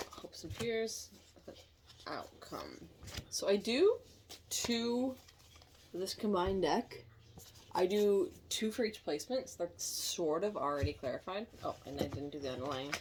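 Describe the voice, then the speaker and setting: A woman giving a casual tarot reading, chatty and thinking aloud, quick to laugh. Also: on the low side, noisy background. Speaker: tarot reader.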